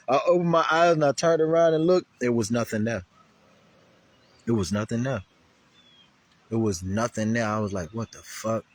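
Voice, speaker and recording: A man's voice: mid-range voice, a bit bright. A man, telling a rambling, profane story to the camera and laughing often.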